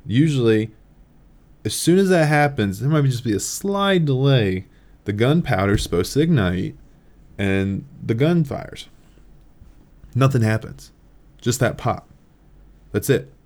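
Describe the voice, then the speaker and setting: A young podcast host tells a story in a casual, animated style, laughing and swearing as he goes. His voice sits on the lower side.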